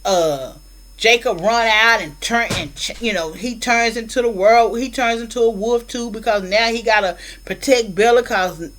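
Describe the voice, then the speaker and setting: A woman's voice: mid-range voice, fairly bright tone, rough recording. A woman casually retelling a movie plot, rambling with many fillers and acted-out quotes, with features. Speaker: film reviewer.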